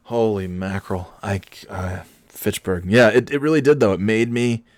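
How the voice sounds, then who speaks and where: A man hosts a podcast, chatting casually and telling a rambling story at his own expense, acting out quotes by yelling in high voices. His tone is steady at a normal speed, in clean studio sound without echo.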